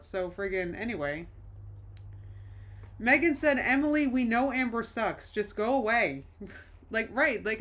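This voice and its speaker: A woman commentates on internet drama during a casual live stream at home. Her voice is bright and forceful, and her delivery is exasperated and full of restarts. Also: mid-range voice. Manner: exasperated, quick reactions, frequent restarts. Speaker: reaction streamer.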